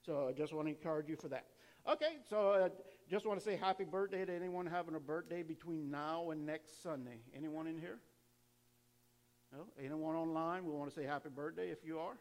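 A pastor in his fifties leads church announcements and the offering from the sanctuary floor. His voice sits on the higher side for a man, and his delivery is loose and chatty, full of restarts and easy laughter. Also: steady tone, a little fast, darkish tone.

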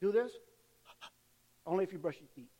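Casting: older male pastor, high-pitched, animated sermon, church hall echo. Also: moderate pace, dull audio. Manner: animated preaching, acts out cheering fans.

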